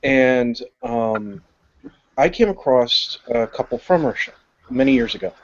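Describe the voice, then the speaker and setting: Man, podcast co-host, lively pitch, rambling storyteller, muffled lo-fi sound. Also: measured pace, vocal fry. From United States. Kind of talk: casual chat.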